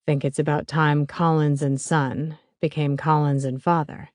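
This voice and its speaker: A woman voicing a gruff older father and builder handing over his business, speaking in a halting, hesitant way. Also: sits low, little pitch movement, darkish tone, dry recording, voice pushed down.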